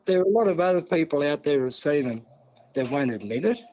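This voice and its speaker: A man's voice: a little high, expressive, a little fast, a little mellow, lo-fi sound. A man with an Australian accent, a guest telling a long, rambling story in a casual interview, full of asides.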